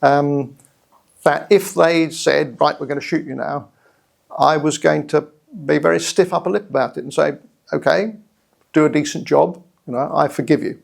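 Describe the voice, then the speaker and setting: A middle-aged man with a British accent, telling his own story in a measured, reflective way with hesitant restarts. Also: a little high, vocal fry. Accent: British English. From England. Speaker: guest storyteller. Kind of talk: personal story told to camera.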